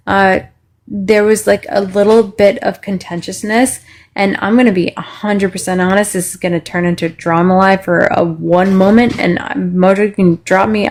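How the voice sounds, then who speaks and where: A woman's voice: mid-range voice, a little mellow. An angry woman in a heated live-stream argument, swearing constantly as she vents. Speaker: panel speaker.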